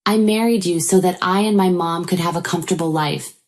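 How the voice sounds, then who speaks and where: A woman's voice: lowish voice, brisk, close to an everyday voice. A woman voicing a greedy, scheming husband who talks in a blunt, scornful way. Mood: cold.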